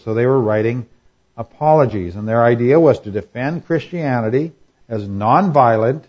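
A man teaching a class on scripture, pausing often with fillers and checking in with "all right?". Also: mid-range voice, a little mellow, breathy edge, muffled recording. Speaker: Bible teacher.

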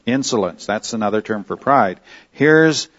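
A man's voice: on the low side, animated, a bit bright. Man teaching a sermon, slightly dull sound. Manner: conversational, asks the room questions; slows down to stress key phrases. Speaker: pastor.

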